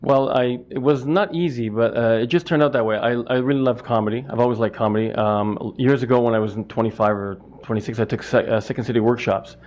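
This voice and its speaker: Fast-talking middle-aged male comedian. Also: mid-range voice, fairly even intonation, a little mellow, lo-fi sound. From Canada. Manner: rambling, self-interrupting, quotes customers. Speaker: stand-up comedian and butcher. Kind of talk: casual interview answers.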